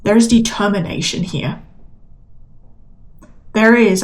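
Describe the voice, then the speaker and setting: A woman's voice: medium pitch, a little slow, long pauses, darkish tone. Emphatic woman giving a tarot reading. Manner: emphatic, repetitive, encouraging. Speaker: tarot reader. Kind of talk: collective tarot reading to camera.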